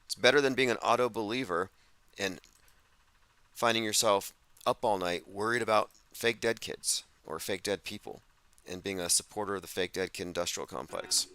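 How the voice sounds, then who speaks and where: A man with a fairly low voice hosts a casual livestream. His tone is forceful and sardonic, and he reads viewer comments aloud. The sound is dry and close, with no room echo. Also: moderate pace, clear, resonant tone. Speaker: host.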